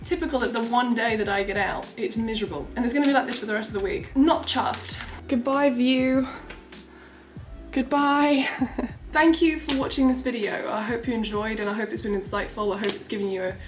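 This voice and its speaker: Excitable young woman, roomy sound. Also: a little high, fast talker, hardly any pauses, soft background music. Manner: chatty and excitable. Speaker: vlogger. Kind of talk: casual vlog diary. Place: small quarantine room indoors. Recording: roomy echo.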